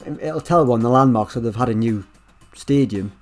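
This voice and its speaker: A man's voice: medium pitch, normal speed. A man talks through a football management save in a loose, conversational way, dropping dry throwaway jokes. His voice sits in an ordinary middle register. Faint music plays underneath. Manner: chatty, wry asides, lively ups and downs. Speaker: gaming YouTuber. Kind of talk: casual gameplay commentary.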